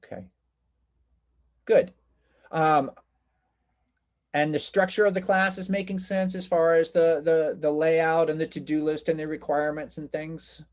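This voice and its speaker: A man's voice: on the high side, level tone, unhurried, long pauses. A man teaching a college class online over a video call, talking casually and reassuring his students while inviting their questions. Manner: reassuring, chatty, encouraging questions. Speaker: college instructor.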